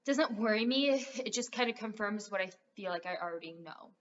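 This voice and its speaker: Her voice sits at a medium pitch, animated and moving at a normal speed, as this young adult vlogger rambles directly to her audience with lots of fillers. The audio has a dull, lo-fi quality.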